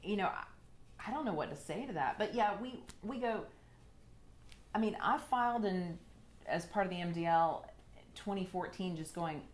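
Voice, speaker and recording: A woman telling her personal story in an interview, halting and jumping between thoughts. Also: medium pitch.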